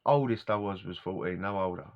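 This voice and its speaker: Middle-aged man vlogging, lowish voice, wandering casual chat, muffled lo-fi recording. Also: fairly quick. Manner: casual and wandering, laughs often, loses his words. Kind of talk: rambling personal storytelling. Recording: dull lo-fi recording.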